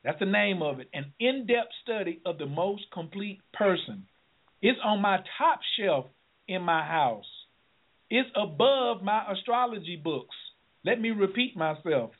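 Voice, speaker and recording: A man hosting a call-in radio show, excitable and preachy, often laughing and shouting. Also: high-pitched, a little slow. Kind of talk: lively call-in radio talk. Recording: tinny phone line.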